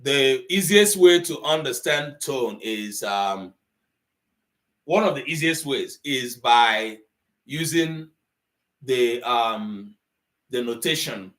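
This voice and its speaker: A man teaching an online language class, pausing often with ums as he explains tone. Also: medium pitch, fairly bright tone. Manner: slow, deliberate, with frequent ums and pauses.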